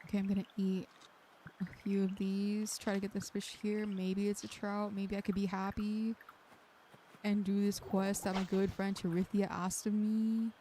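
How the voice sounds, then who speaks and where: A woman's voice: mid-range voice, level tone, moderate pace, mellow, slight background noise. A woman streamer chatting casually through gameplay, muttering to herself and swearing now and then.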